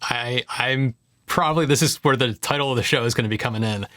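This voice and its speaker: A man's voice: mid-range voice, fairly quick, fairly bright tone, dry recording, clean studio sound. A man co-hosting a tech podcast, speaking emphatically and with strong opinions. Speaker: podcast co-host. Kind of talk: casual tech chat.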